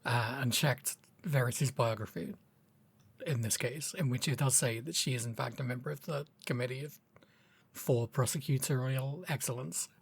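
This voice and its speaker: A woman with a husky, slightly breathy voice co-hosts a podcast. She talks casually and jokes at her own expense. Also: extremely low pitch, moderate pace. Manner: self-deprecating, jokey. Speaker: podcast co-host.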